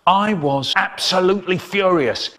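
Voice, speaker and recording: A man telling a comic story in an animated way, with sudden high bursts. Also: a little slow. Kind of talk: comic storytelling, spliced clips.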